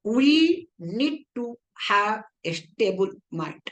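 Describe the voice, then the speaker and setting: Her voice sits on the high side, slow and sing-song, as this Indian English-accented woman teaches Vedanta philosophy. She talks conversationally and regularly checks whether her class is following along.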